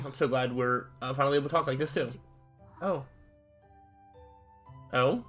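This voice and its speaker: A man's voice: mid-range voice, normal speed, pauses often, fairly bright tone, soft background music. A man streaming a game, reading all the characters' lines aloud himself and breaking off to react. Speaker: gameplay streamer. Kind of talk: reading game dialogue aloud while playing.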